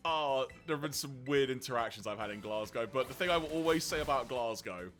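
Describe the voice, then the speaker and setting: A man's voice: medium pitch, lively intonation, fairly quick, fairly bright tone, faint music behind. Chatty man laughing through stories. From England. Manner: laughs often, tells stories animatedly. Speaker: streamer co-host. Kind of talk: casual chat while gaming.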